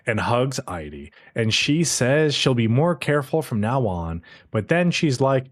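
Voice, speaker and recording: A man co-hosting a podcast, recapping a show episode in an animated, profane, casual way. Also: mid-range voice, measured pace, few pauses. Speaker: podcast co-host.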